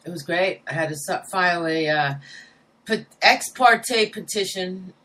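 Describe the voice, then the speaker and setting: A man co-hosting a casual chat, talking haltingly, restarting and trailing off with fillers. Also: sits high, pushed and bright, far from the mic.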